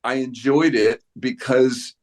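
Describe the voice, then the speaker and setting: A man in his sixties talks through a press interview in a mid-pitched voice. He rambles and restarts his sentences, and he slips into quoted voices as he tells a story. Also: steady tone, takes it slowly. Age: 60s. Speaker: actor guest.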